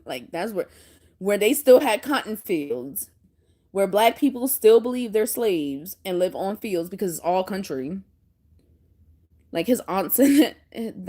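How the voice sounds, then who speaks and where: A woman vlogger telling stories in casual chat, animated and often breaking into laughter. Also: on the low side.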